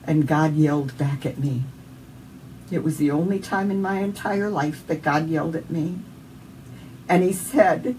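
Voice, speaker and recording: An earnest Southern woman gives an emotional personal testimony as an interview guest, telling her story with heartfelt sincerity. Her voice is low, dark and husky, at a measured pace, captured by a distant mic with faint background noise.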